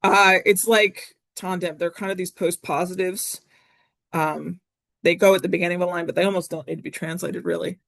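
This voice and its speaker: A woman's voice: fairly low pitch, steady tone, a little fast, vocal fry, fairly bright tone, no echo. Chatty woman teaching Latin, dry sound. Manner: chatty, self-correcting, frequent ums. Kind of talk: recorded classroom lesson.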